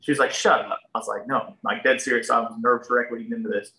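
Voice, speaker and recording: A man's voice: medium pitch, very fast, echoey room, distant mic, poor audio. A man, a podcast guest telling a story casually and acting out the people in it. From Ohio, USA. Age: 30s. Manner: folksy, animated, acts out other people's lines.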